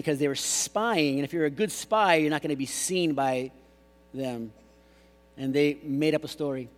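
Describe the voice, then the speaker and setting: A man preaching a sermon as pastor, animated and jokey, mimicking voices. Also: fairly high pitch. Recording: long hall reverb.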